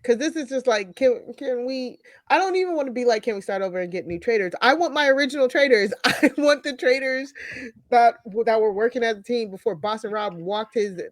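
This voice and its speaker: A woman's voice: fairly high pitch, brisk, dry recording. A woman co-hosting a podcast who gives emphatic, slangy opinions about a reality show. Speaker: podcast co-host. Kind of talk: casual recap chat.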